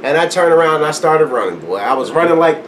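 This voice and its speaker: A man's voice: fairly high pitch, fast, slight background noise. A man casually telling a long story, acting out the voices in it and laughing often. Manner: animated, acts out quotes, laughs often. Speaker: guest storyteller.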